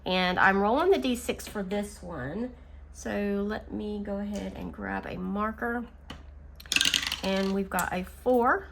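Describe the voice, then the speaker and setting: A woman hosting a casual budgeting video, chatting and counting her savings out loud, easily amused. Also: medium pitch, slow pace, gravelly. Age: adult. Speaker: budgeting channel host. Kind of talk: casual chat while scratching savings challenges. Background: faint engine noise from a utility vehicle outside.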